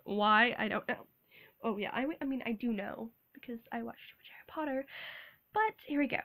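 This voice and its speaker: A woman's voice: a little high, gravelly, a bit bright. Awkward young woman with a sore throat. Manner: awkward, halting, laughs often. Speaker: vlogger. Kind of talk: casual rambling vlog.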